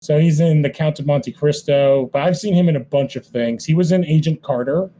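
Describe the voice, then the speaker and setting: Man, casual movie chat host, mellow voice, faint noise behind. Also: on the high side, brisk, poor audio. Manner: rambling, many "like" fillers. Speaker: podcast co-host.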